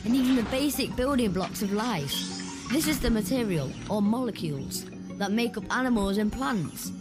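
A woman voicing a friendly female alien guide in an educational cartoon, speaking with a bright, clear, cheerful delivery. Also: fairly high pitch, expressive, normal speed, close to an everyday voice. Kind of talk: scripted educational cartoon narration. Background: music.

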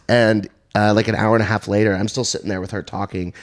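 A man's voice: on the low side, fairly even intonation, fairly quick, creaky. A man, a guest comedian, telling a rambling, profane story on a podcast while laughing along.

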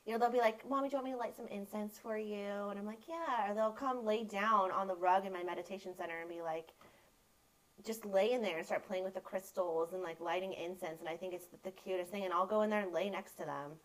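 A woman in her thirties, a photographer guesting on a podcast, chats casually and tells open, warm stories about her kids. She speaks fast at medium pitch on a low-quality recording.

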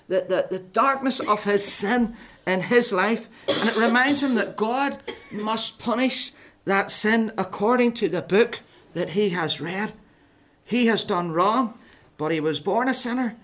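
A preacher tells a Bible story to children in a playful, animated way, often asking them questions. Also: medium pitch.

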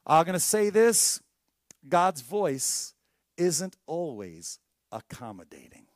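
A man preaching a sermon as pastor, telling stories with lively acted-out voices and dropping to a hushed tone for emphasis. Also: a little high, slow, dry recording. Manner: animated storytelling preacher, acts out voices in anecdotes.

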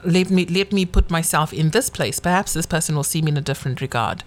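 Woman co-host from Zimbabwe, low-ish pitch, emphatic and animated delivery. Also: fast. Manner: emphatic, animated, swears freely. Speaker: podcast co-host. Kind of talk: casual chat.

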